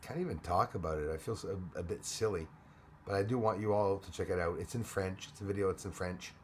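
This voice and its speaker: A man's voice: low voice, fast, a little hiss or hum. Man casually greeting live stream viewers. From Canada. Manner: rambling, greets viewers by name, frequent restarts.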